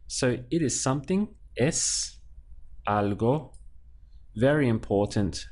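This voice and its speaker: Guy teaching a language class, real slow, repeats every word twice, mid-pitched voice. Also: lively intonation, a little mellow. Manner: patient, breaks words into syllables and repeats them. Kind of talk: slow, clear language lesson.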